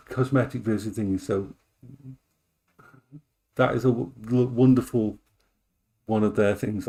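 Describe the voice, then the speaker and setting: A man chats casually while he cooks on a live stream. He rambles, restarts his sentences and often repeats himself. His voice sits at an ordinary middle pitch for a man. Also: darkish tone.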